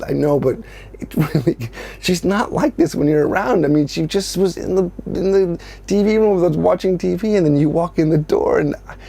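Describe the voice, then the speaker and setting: A middle-aged man telling a comic personal story in a casual, animated way, swearing freely and acting out what people said. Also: fairly high pitch, gravelly, husky.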